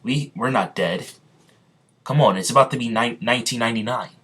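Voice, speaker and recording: A man voicing a brash, cheerful young male friend who talks in a quick, insistent way. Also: mid-range voice, bright, forceful tone, breathy edge.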